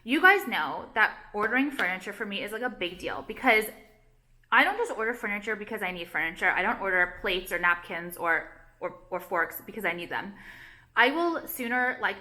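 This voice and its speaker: A woman's voice: medium pitch, bright, forceful tone. A young woman vlogger chatting casually to camera, rambling and anxious, cutting herself off and filling gaps with "like". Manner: rambling, self-interrupting, heavy use of "like", anxious. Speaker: vlogger and jewelry designer.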